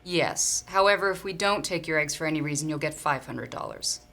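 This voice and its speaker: A woman playing a doctor, speaking in a brisk, clinical manner. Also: low voice, fairly bright tone.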